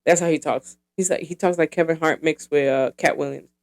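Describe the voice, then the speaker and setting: A woman's voice: low-pitched, steady tone, brisk. A woman in her thirties hosting her own podcast, talking in a casual, rambling, profane way with lots of fillers. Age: 30s. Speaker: podcast host.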